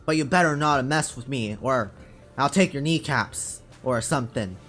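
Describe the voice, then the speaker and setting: A man's voice: mid-range voice, moderate pace, fairly bright tone, faint music behind, natural voice. A man voicing a threatening male Italian mobster with a put-on Italian accent, making hammy, clumsy threats. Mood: mock-menacing.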